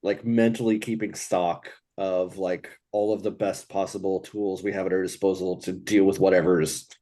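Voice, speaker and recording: Low-voiced guy thinking out loud about his character, like, you know. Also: level tone, moderate pace. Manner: thoughtful, uses "like" and "you know". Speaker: player. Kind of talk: casual tabletop play.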